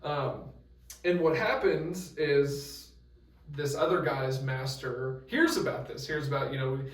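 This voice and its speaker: A man's voice: medium pitch, slow, reverberant, far from the mic, low-quality recording. A young man leading a youth group Bible study in a loose, casual talk with many fillers and restarts.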